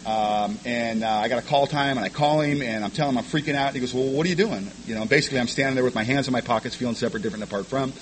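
Fast-talking man telling his story. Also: mid-range voice, slight background noise, rough recording. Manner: rapid, stumbling repetitions of words; frank and self-deprecating. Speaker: speaker sharing his recovery story. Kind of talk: personal testimony to a meeting.

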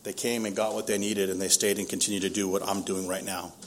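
A man's voice: deep voice, little pitch movement, fast, slight background noise. A man in his forties from Southern California giving a candid, self-deprecating recovery testimony at a meeting, often laughing at himself.

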